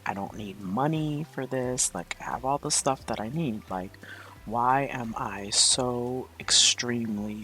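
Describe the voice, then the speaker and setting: Slow, bright-voiced woman podcast host. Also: rumbling low. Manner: candid, confessional, chatty. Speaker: podcast host and spiritual coach. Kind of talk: casual spiritual podcast monologue.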